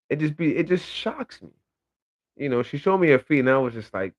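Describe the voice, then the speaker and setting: A man's voice: mid-range voice, fast talker. A young man giving a blunt, profane, casual opinion monologue, telling stories with lots of energy. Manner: profane, blunt, animated storytelling. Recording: slightly dull lo-fi audio.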